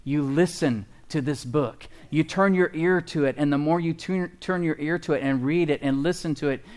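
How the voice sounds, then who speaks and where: A man's voice: on the high side, normal speed, a little mellow. A male pastor preaching a sermon in an emphatic way, often calling out to his congregation for an amen.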